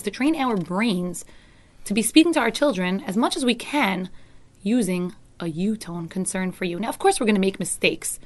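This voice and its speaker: Earnest woman parenting educator. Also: medium pitch. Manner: earnest, acts out teacher voices in quotes. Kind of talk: talk to parents.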